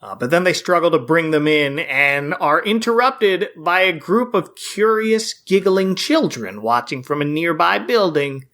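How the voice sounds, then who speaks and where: Guy on a podcast recapping a cartoon, fairly high bright voice, chatty, laughs a lot. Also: lively intonation, unhurried, hardly any pauses. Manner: narrates plot, frequent laughs. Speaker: podcast host. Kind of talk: casual recap chat.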